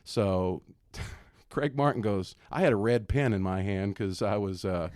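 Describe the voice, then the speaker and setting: A man's voice: on the low side, measured pace, darkish tone, no room sound, studio quality. A middle-aged man, a former basketball coach, telling stories as a podcast guest, laughing often and acting out other people's lines. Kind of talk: storytelling in casual podcast chat.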